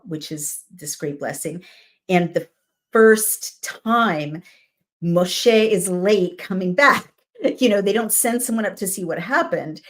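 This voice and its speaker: Woman w a really low voice reading bible verses and chatting about them, thoughtful, lots of "you know". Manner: reflective, conversational asides with "right?" and "you know". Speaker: Bible reader and commentator. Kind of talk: scripture reading with personal commentary.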